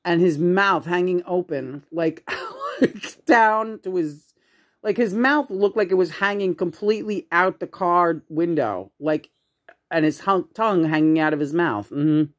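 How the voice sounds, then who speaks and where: Speaking unhurriedly in a fairly low voice, a woman shares casual family stories at a home memorial. Her storytelling wanders, with plenty of fillers and restarts.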